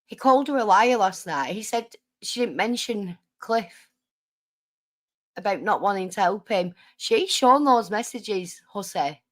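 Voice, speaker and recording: A woman's voice: medium pitch, animated, measured pace, fairly bright tone. A woman hosts a livestream in a combative, sarcastic way, swearing at critics and thanking viewers between jabs. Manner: combative, sarcastic, reads super chats. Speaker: livestream host. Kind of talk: livestream commentary.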